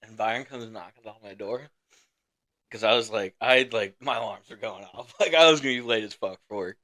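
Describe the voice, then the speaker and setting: A man's voice: lowish voice, a little fast, pushed and bright. A young man casually telling a rowdy story on a podcast, swearing constantly and laughing as he talks. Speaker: podcast co-host.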